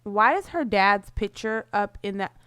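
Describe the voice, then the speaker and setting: Chatty woman with a smooth, dry voice. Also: medium pitch, expressive, measured pace, fairly bright tone, no room sound. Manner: chatty, bubbly, lots of "like" fillers. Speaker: gameplay commentator. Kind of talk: casual game commentary.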